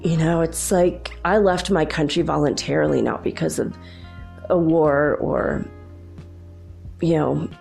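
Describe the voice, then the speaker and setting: A woman and mother hosts her own talk show, telling personal stories in a loose, rambling way. Her voice sits low and has a gravelly edge, and she laughs often between thoughts. Faint music plays quietly behind her. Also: unhurried, pauses often. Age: adult with children. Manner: rambling, chatty, laughs often, many "like"s and restarts. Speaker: host. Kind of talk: casual personal storytelling.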